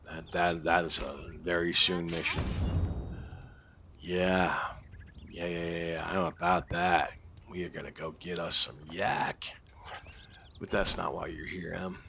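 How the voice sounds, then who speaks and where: Male gaming host, deep gravelly voice, rambling let's-play talk over a noisy background. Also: fairly even intonation, unhurried, long pauses, pushed and bright. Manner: rambling, thinks aloud with fillers and muttered asides. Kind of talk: casual let's-play commentary.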